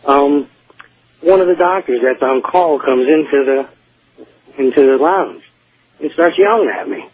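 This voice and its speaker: A man's voice: on the high side, unhurried, slightly rough, dry recording. A man calling in to a radio show, telling a story in a rambling way with many asides. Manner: rambling, lots of "you know" asides. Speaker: caller. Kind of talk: casual storytelling on a call-in show. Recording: tinny phone line.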